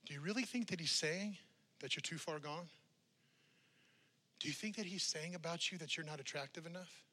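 A pastor delivers a sermon in church at normal speed, his high-pitched voice ringing very bright and forceful. He presses his listeners with a string of rhetorical questions, the intensity building as he goes.

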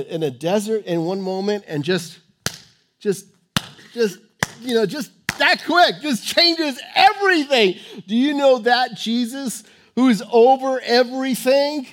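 A man preaching a sermon, emphatic, swinging between loud urging and hushed, quiet tones. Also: sits high.

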